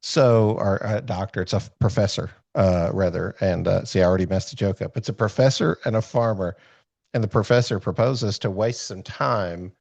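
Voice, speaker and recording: Gravelly rambling man on a call. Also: lowish voice, normal speed, darkish tone, dry recording. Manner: rambling, self-deprecating, many fillers and restarts. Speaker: podcast host. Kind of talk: casual storytelling chat. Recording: dull lo-fi call audio.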